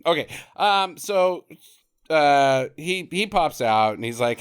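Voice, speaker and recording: A man's voice: a little high, expressive, slow, clean tone. Guy recapping a movie on a podcast, goofy and laughy, voice jumps all over. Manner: jokey, laughs often, acts out quotes. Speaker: podcast co-host. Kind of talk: casual chat, recapping a film.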